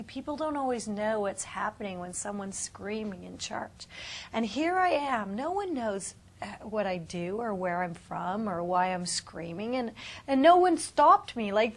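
Fervent woman missionary telling her testimony. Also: fairly high pitch. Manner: swings from loud bursts to hushed whispers. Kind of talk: emotional personal testimony.

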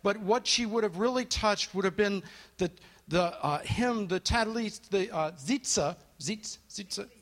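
High-pitched and measured, a man guides a live group through an interactive Bible study. Storytelling as he goes, he poses questions, thanks those who reply, and lowers his voice to a hush when things turn dramatic.

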